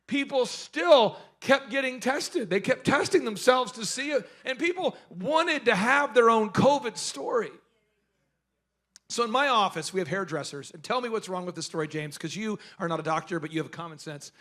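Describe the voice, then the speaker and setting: A middle-aged man telling jokey stories at a business workshop, asking the audience questions and shouting his punchlines. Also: high voice, normal speed. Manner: animated, jokey, acts out quoted voices. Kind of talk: energetic seminar storytelling to a live audience.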